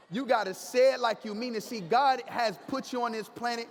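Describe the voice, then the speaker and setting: A man giving an energetic, preachy motivational speech to a live crowd in a large hall, talking in slang and getting the audience to repeat after him. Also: very high-pitched, fairly quick, slight background noise. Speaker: motivational speaker. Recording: long hall reverb.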